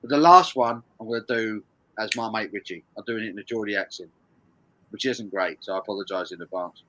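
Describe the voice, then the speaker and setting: A man hosting a live stream quiz, jokey and animated, reading out viewer comments as he goes. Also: fairly low pitch, fairly quick, rough recording. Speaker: live stream host running a lyrics quiz. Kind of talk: casual live stream chat.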